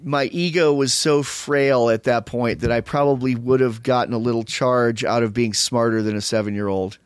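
A middle-aged man talks in a loose, rambling podcast chat, cracking jokes and teasing the others. His voice sits close and dry on the mic with no room sound around it. His pitch is ordinary for a man. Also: steady tone, normal speed, clean tone, dry recording. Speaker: podcast host. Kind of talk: casual chat. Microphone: studio mic.

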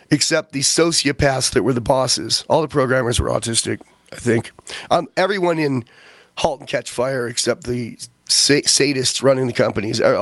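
A man's voice: medium pitch, a bit bright, no room sound. A man hosting a talk radio show, telling loose rambling stories and acting out the people he quotes. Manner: rambling storyteller, acts out quotes. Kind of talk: casual talk radio chat.

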